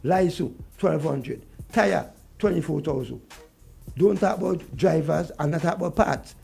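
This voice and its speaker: A man's voice: a little high, measured pace, creaky, a little mellow, slightly rough, soft background music. A man with a Vincentian accent, talking heatedly about politics on a radio show and repeating his points. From Saint Vincent. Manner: vexed, ranting, repeats points. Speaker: radio guest.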